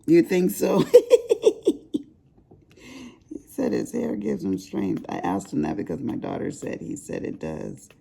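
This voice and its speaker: Grandma chatting while she crafts, deep gravelly voice, goes off on tangents. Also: wildly swooping pitch, unhurried, long pauses, mellow. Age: older. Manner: chatty, rambling, with laughing asides. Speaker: crafting vlogger. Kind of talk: casual chat while crafting.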